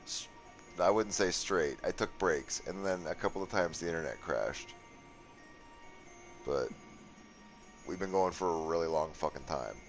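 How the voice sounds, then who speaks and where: A young man streaming a game, tired and rambling, with sarcastic asides and lots of swearing. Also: very deep voice. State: worn out from a long session. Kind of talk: casual gaming commentary.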